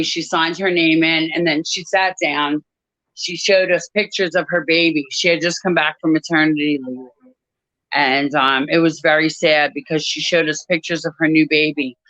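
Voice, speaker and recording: A woman guest in an interview, telling a personal story in a measured, reflective way with frequent pauses. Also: sits low, fairly even intonation, a bit bright, no room sound, highs cut off. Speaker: author and guest.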